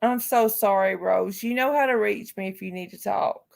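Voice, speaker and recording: A woman's voice: mid-range voice, normal speed, vocal fry. A woman hosting a live stream, speaking casually and outspokenly to her chat viewers with heartfelt remarks. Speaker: livestream host.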